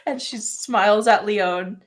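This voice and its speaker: A woman's voice: medium pitch, slow pace. A woman player in a tabletop game, loosely describing her character's actions with a giggle. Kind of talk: tabletop role-play.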